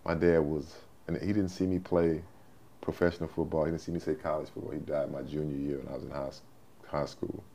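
Brief: man, 60s, very deep gravelly voice, folksy storyteller. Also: little pitch movement, brisk, mellow, slight background noise. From Texas, USA. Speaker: guest, former football player. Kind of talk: storytelling interview.

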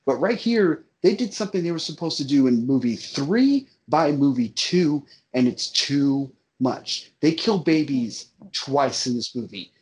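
A man's voice: medium pitch, lively intonation, a little slow, few pauses, a little mellow. A man ranting in casual talk about a movie he disliked, emphatic and profane, often repeating himself for effect. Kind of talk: casual movie-review rant.

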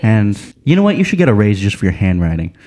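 A man hosting a casual podcast taste test, loud and teasing, bossing his friends around in jest. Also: lowish voice, sing-song, fast talker, noisy background. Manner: loud, teasing, mock-bossy. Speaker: podcast host. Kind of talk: casual group chat.

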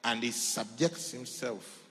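A male pastor preaching a sermon, swinging between loud shouts and near whispers. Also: medium pitch, slow pace, long reverb tail, soft background music.

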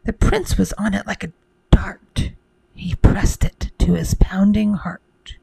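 A woman's voice: medium pitch, fairly even intonation, takes it slowly, gravelly, dark tone, slightly rough, no room sound, poor audio. A woman telling a rhymed bedtime story to the listener in a whispered role-play.

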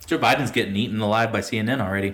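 A podcast co-host with a lowish, slightly bright voice talks politics at a rapid-fire pace. His casual chat is rambling and profane, and he restarts sentences and laughs at his own jokes.

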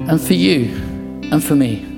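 High-voiced preacher, passionate. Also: male voice, animated, unhurried, creaky. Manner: passionate, repeats phrases, drops to quiet intensity. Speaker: pastor. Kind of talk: sermon. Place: church. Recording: echoey church hall, soft guitar behind.

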